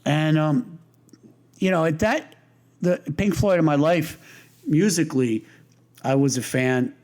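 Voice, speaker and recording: A man's voice: on the high side, unhurried, darkish tone. An older man being interviewed, telling long stories in a rambling, amused way, often restarting his sentences. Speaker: interview guest. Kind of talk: casual storytelling interview.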